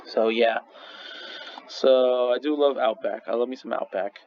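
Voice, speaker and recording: A man's voice: mid-range voice, a little slow. A young man casually ranking restaurants in a rambling, swearing vlog monologue full of restarts. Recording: slightly dull lo-fi recording with faint noise.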